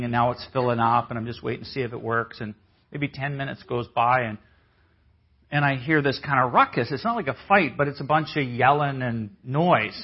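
A man telling a story in a conference sermon, acting out the people he quotes in a lively way. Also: mid-range voice, breathy edge. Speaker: conference speaker. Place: church hall. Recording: dull, muffled audio.

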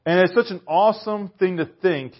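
Animated preacher, lo-fi church recording. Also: male voice, sits high, moderate pace. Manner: conversational and animated, shifting to hushed softness on key lines. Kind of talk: sermon.

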